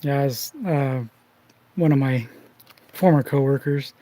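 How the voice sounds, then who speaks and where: Mellow-voiced man telling rambling stories. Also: medium pitch, steady tone, takes it slowly, no echo, poor audio. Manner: rambling anecdotal storytelling with restarts. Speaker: card collecting channel host. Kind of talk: casual behind-the-scenes chat.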